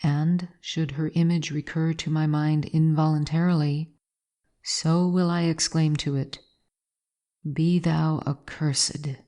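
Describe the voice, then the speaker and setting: A woman reading the lines of a trembling, anguished young nobleman in a gothic storybook, in slow and archaic speech. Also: low-pitched, flat delivery, warm tone. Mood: bitter.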